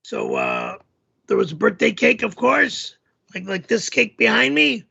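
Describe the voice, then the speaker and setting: Hoarse man, rambling with fillers. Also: high-pitched, wildly swooping pitch, unhurried, sharp tone, dull audio. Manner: rambling, hesitant, many fillers. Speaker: show host. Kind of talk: casual livestream storytelling.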